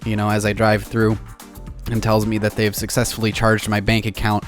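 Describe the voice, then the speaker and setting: A man's voice: on the low side, completely flat delivery, moderate pace, faint music behind. A young man from Illinois telling a profane, exasperated rant full of rambling restarts. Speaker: vlogger. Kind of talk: ranting storytime vlog.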